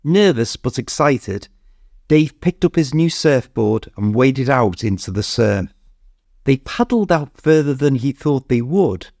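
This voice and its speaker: A man with a British accent reading a story clearly and steadily for English learners. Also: medium pitch, darkish tone, no room sound, studio quality. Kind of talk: scripted narration.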